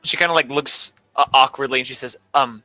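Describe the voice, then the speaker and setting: A man's voice: medium pitch, fairly even intonation, quick pace, pushed and bright, no room sound, faint music behind, rough recording. A man narrating as game master of a tabletop game, laughing often as he narrates.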